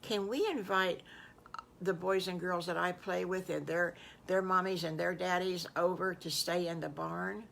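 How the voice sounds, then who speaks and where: A woman's voice: on the low side, steady tone, measured pace, gravelly, a bit bright, a little hiss or hum. An older woman voicing a sweet, eager young male wolf in a told storybook tale, stumbling and hesitant as he asks. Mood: hopeful.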